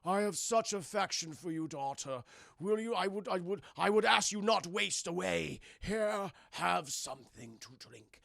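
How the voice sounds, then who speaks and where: A man mockingly acting out a booming, tyrannical male warlord emperor, shouting slowly and pompously. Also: expressive, vocal fry, dry recording, clean studio sound, full character voice.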